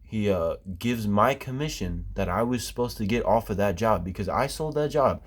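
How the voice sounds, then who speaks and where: A man with a very low voice vents in a loose, rambling rant. He swears constantly and trips over fillers and restarts as he tells his story. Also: moderate pace. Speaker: former basement waterproofing worker. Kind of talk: casual profane rant.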